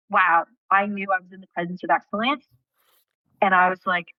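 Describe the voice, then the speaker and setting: A woman guest in an interview, telling a personal story in an animated way and acting out what people said, with casual swearing. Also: medium pitch, brisk, no echo, lo-fi sound.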